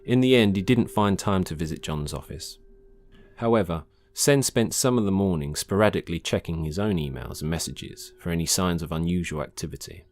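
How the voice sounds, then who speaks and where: A man reading his own short science-fiction story aloud in a calm, measured narration. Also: deep voice. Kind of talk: scripted narration.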